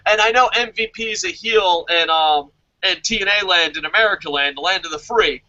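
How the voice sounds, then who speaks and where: A man co-hosting a wrestling podcast, talking excitedly in casual chat, swearing constantly and laughing often. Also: high-pitched, a little fast, dull audio. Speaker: podcast co-host reviewing a wrestling show. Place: lives in Japan.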